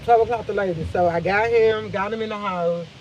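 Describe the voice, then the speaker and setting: A tired woman hosts a casual live stream, venting emphatically and repeating herself. Clear vehicle noise runs under her voice the whole time. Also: medium pitch, brisk, a little mellow, dull audio. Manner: emphatic, repetitive venting with swearing.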